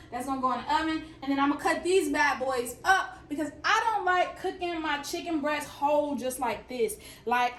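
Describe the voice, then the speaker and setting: A woman's voice: high-pitched, fairly bright tone, recorded from a distance. A young woman with a Southern accent from Alabama, chatting playfully to viewers while cooking in her home kitchen. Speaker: fitness and cooking vlogger. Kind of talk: casual cooking vlog. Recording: roomy kitchen audio, mic set back.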